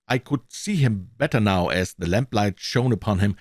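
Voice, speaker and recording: German man narrating, lively expressive delivery. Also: lowish voice, normal speed, hardly any pauses, no room sound, studio quality. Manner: expressive first-person narration with small slips. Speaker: audiobook reader. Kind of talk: reading a classic detective story aloud.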